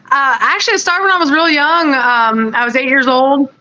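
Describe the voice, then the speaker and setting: High-pitched woman, bright tone, upbeat, laughs easily, dull lo-fi call-in sound. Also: normal speed. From Colorado, US. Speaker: guest fighter. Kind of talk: casual chat over a call-in. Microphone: remote call-in.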